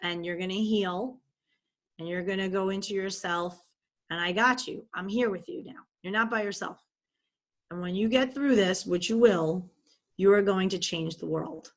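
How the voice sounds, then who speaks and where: A woman voicing her own divine higher self, a soft female presence that speaks in a gentle, reassuring and tender way. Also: moderate pace, natural voice.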